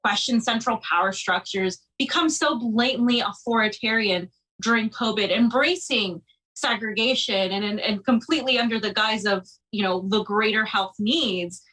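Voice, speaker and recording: A woman's voice: a little high, moderate pace, a bit bright, poor audio. A woman co-hosting a casual political talk show, talking conversationally with many fillers and restarts. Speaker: podcast co-host.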